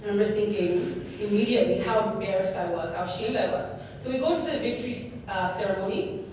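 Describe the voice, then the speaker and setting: A woman giving a keynote speech, telling her story in a lively way and often checking in with the audience. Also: medium pitch, brisk, noisy background. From Canada. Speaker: keynote speaker. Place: large hall before an audience. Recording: echoey hall, mic far off.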